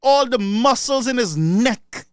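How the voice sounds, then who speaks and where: Fiery high-voiced Saint Lucian man. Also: expressive, slow pace, clear, resonant tone, dry recording, studio quality. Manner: sarcastic, mocking and fiery. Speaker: political commentator. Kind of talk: impassioned political speech.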